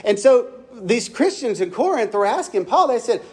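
A man's voice: very high-pitched, sing-song, normal speed. A male pastor preaching a sermon. He talks like he's telling a story to friends, loose and conversational, and often restarts a phrase before finishing it. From Kentucky.

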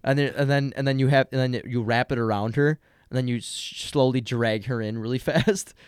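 A man's voice: medium pitch, fairly quick, smooth, no room sound, clean studio sound. A teenage man co-hosting a podcast, rambling and giggling as he acts out silly bits in casual chat. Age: late teens. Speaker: podcast co-host.

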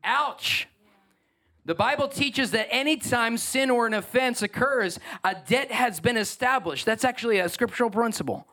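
A man preaching a sermon as pastor, emphatic and animated. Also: extremely high pitch, normal speed.

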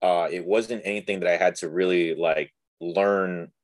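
A man's voice: deep voice, normal speed, dry recording. A young man from Texas, a guest telling a story in casual chat with lots of fillers, acting out the people he quotes. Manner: animated, filler-heavy, acts out quoted dialogue.

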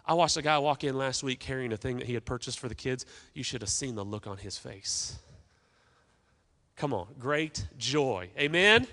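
A man's voice: medium pitch, expressive, normal speed, bright, forceful tone. A man preaching a sermon as pastor, emphatic, with call-and-response asides to the congregation. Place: church sanctuary.

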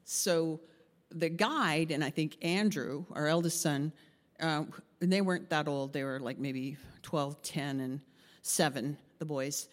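Animated woman pastor in a reverberant hall. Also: sits low, unhurried. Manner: animated, acts out voices in her story, laughs often. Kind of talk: sermon with storytelling.

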